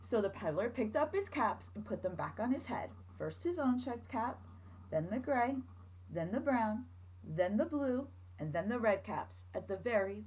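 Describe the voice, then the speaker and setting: A woman teacher reading a picture book aloud to children, expressive and asking them questions along the way. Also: medium pitch, husky, low-quality recording.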